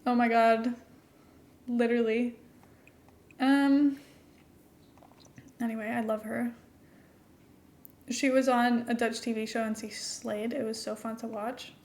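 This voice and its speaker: Young female streamer, international-school American accent, a little high-pitched, chatty and giggly. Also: steady tone, slow, pauses often, darkish tone. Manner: chatty and giggly, answering chat between building tasks. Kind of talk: casual chat while playing a game live.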